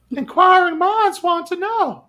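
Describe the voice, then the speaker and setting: A man doing a leering, breathy impression of a lecherous cartoon neighbor. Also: extremely high pitch, pushed and bright, voice pushed up, heavily acted.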